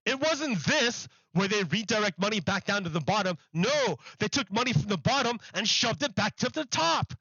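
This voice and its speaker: A man's voice: sits high, expressive, moderate pace, hardly any pauses, pushed and bright, breathy edge, no room sound, dull audio. A man on a live stream ranting about politics, emphatic and mocking, repeating himself for effect.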